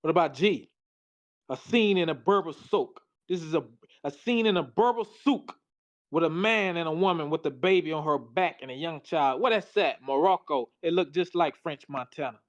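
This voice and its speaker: A man's voice: fairly high pitch, expressive, moderate pace, muffled recording. A tired man giving a casual, slangy presentation, reading slides aloud and reacting to them. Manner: loose, slangy, talks back to the slides.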